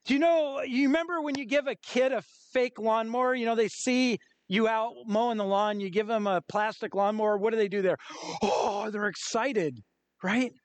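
A middle-aged man, a pastor, preaching a sermon with lively acted-out quotes and stories. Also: high voice, moderate pace.

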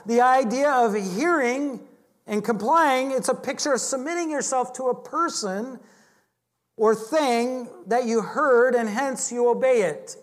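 A man's voice: very high-pitched, a little slow. A man teaching a Bible lesson in a chatty, joking sermon style, often restarting his sentences. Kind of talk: conversational sermon.

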